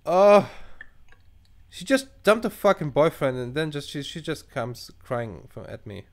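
A man's voice: on the high side, moderate pace. Swearing young man reacting to a game. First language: not English. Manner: animated, swearing, thinking aloud while reading choices. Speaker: gaming channel host. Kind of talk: casual let's play commentary.

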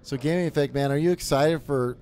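A man's voice: on the high side, brisk, a little mellow, slight background noise. A man streaming a horror game, chatting casually to viewers, jokey and swearing as he plays. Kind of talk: casual live game commentary.

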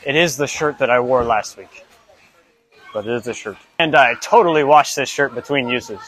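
A man's voice: mid-range voice, normal speed, a bit bright. A young man vlogging his gymnastics practice on a clip-on mic, self-deprecating and tired, often out of breath. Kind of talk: mic'd-up gym vlog commentary. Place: indoor gymnasium.

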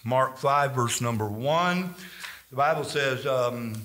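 A man teaching a Bible study, telling stories and acting out scripture in a rambling, animated way. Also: mid-range voice, slow, echoey room.

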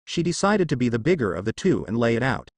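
A man's voice: medium pitch, big pitch swings, quick pace, no room sound. A man narrating a fan fiction story in a casual, lightly wry reading style.

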